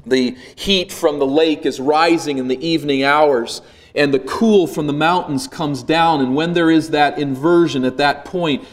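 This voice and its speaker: A male pastor preaching a sermon, retelling a scene with vivid, dramatic storytelling that swells and drops to a hush. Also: medium pitch.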